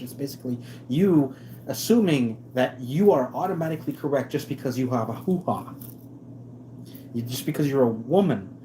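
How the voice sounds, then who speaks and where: A man with a mellow, warm voice rants on his live stream, sarcastic and emphatic, stumbling over restarts as he goes. Faint noise hums behind him. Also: mid-range voice. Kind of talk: casual ranting commentary.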